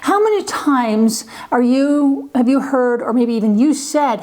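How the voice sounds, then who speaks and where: A woman's voice: high-pitched, measured pace, hardly any pauses, a little mellow. A woman in her forties, a former teacher and parent, telling stories casually to camera in a chatty, conversational way. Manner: chatty and conversational, with light laughs and many "you know"s; acts out what others say in livelier voices.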